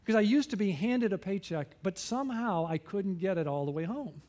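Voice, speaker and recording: High-voiced man preaching a chatty sermon. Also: lively intonation, fairly quick, dark tone. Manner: conversational, asks the congregation many questions; self-deprecating humor. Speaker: pastor.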